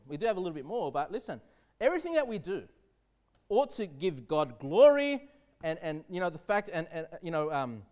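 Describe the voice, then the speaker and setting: High-voiced guy preaching a sermon, slow heavy scripture reading, keeps asking "okay?". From Australia. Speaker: pastor.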